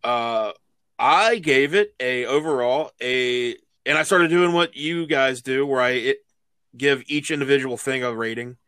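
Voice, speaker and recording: A man's voice: mid-range voice, measured pace, pushed and bright, clear, resonant tone, no room sound. A man co-hosting a casual wrestling chat, rambling and laughing as he retells moments. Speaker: podcast co-host.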